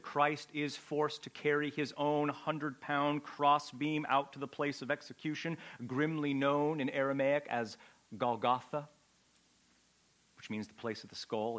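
Dramatic male preacher. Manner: dramatic, swings from loud shouting to hushed low delivery. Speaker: pastor. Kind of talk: sermon.

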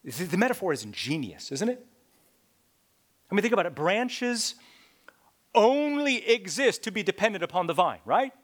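A man preaching a sermon, swinging from loud, emphatic lines to hushed whispers and repeating key points. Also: high-pitched, very animated, moderate pace, pauses often.

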